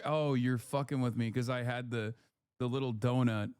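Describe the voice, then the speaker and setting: A man's voice: medium pitch, fairly even intonation, normal speed, a little mellow, clean tone, no echo, studio quality. A man hosting a livestream, delivering heated, profane political commentary with blunt emphasis. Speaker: livestreamer host.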